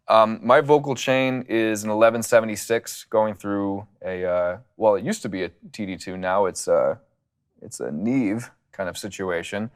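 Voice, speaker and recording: Into a studio condenser mic, a producer with a smooth, lowish voice rambles easily about how he works, dropping lots of filler words along the way.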